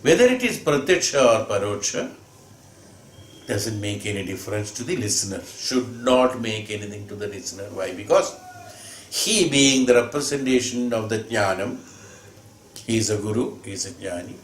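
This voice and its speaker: A man's voice: on the low side, lively intonation, moderate pace. Man teaching scripture in an echoey room. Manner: explanatory, rhetorical questions, acts out quoted speakers. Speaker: spiritual teacher. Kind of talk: discourse on scripture. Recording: echoey room with faint ambient noise.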